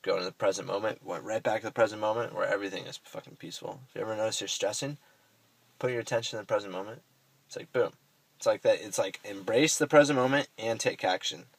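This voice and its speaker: A man's voice: fairly low pitch, fast, gravelly, no echo, low-quality recording. A young man vlogging, telling a personal story in a rambling, self-correcting way and swearing casually.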